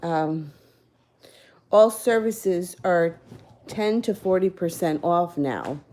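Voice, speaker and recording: A woman reads tarot cards live for her viewers, her voice low and mellow. She talks casually and a little rambly, catching and fixing her own words as she goes, with small chuckles in between. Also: animated, slow pace. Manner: casual, rambling, self-correcting. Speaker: tarot reader. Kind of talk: live-stream tarot reading.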